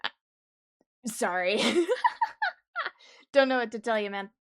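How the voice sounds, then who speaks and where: A young woman streamer chatting casually with her viewers while she draws, easily excited and quick to laugh. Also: a little high, no echo, studio quality. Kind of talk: casual livestream chat while drawing.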